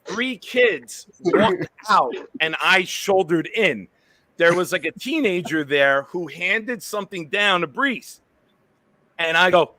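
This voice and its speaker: Male host, lively pitch, bright tone, animated storyteller who swears, live-stream chat. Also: a little slow. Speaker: show host.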